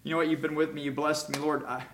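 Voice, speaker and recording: A man's voice: a little high, flat delivery, fast, fairly bright tone, a little hiss or hum. A man voicing a humble young Hebrew man who talks in an earnest, prayerful way.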